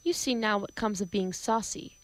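A woman's voice: medium pitch, normal speed, natural voice, rough recording. A woman reading the part of a domineering male professor in an amateur play reading, brusque and theatrical. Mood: imperious.

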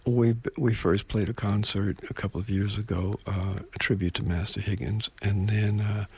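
A man's voice: lowish voice, fairly even intonation, moderate pace, a little mellow, slightly rough. A man in his sixties, a musician guest on a live radio interview, talking in long rambling stretches and apologizing for going on. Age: 60s. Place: radio studio.

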